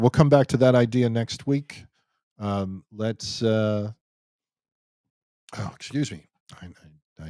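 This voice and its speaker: A man's voice: medium pitch, darkish tone, no room sound. A man hosting a live Q&A stream, chatting casually as he reads out viewer comments and jokes around with many restarts. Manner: rambling and joking, many restarts.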